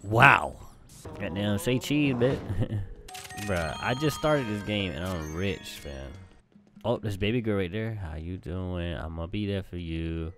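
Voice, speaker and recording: A young man giving casual let's-play commentary, bantering loudly with slang and swearing as he plays. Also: deep voice, a little slow. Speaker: gamer commentator. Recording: game music behind.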